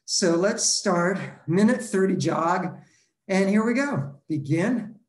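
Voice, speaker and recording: A man coaching a live running workout over a video call, counting reps aloud and a bit out of breath, clearing his throat now and then. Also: sits high, animated, takes it slowly, reverberant. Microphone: computer mic on a video call.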